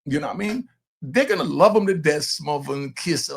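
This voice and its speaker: Gravelly older man, animated commentator. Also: fairly high pitch, brisk. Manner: animated, talks straight to viewers, breaks off to scold his grandson. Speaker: commentator host. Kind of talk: casual commentary.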